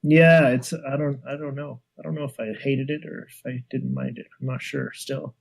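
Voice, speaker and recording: A man's voice: medium pitch, little pitch movement, moderate pace, gravelly, crowd noise. A man co-hosting a casual podcast, thinking aloud in a hesitant way, full of "like". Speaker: podcast co-host. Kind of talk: casual chat.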